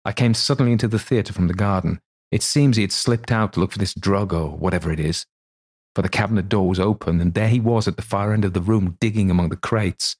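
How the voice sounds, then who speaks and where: A man's voice: fairly low pitch, quick pace, a little mellow, husky. A man reading aloud, voicing a loyal, frightened old male butler who speaks plainly and earnestly. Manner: earnest, plain-spoken servant's speech.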